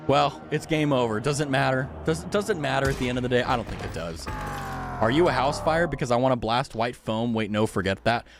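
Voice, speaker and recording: A man's voice: medium pitch, animated, a little fast, music in the background. A man streaming a game, chatting casually and joking at his own expense. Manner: joking, rambling, self-mocking. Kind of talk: casual chat.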